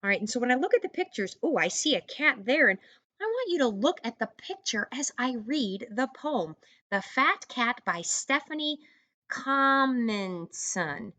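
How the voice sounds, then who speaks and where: A woman teaching an online first grade reading lesson, encouraging young children and sounding out words slowly. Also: a little high, sing-song, sharp tone, no room sound.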